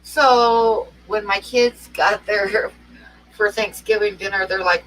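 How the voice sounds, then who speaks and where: A woman's voice: mid-range voice, fairly even intonation, slow pace, fairly bright tone. A middle-aged woman from Oregon telling rambling anecdotes in casual chat, often breaking into laughter. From Oregon, USA. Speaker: co-host. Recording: distant mic with faint noise.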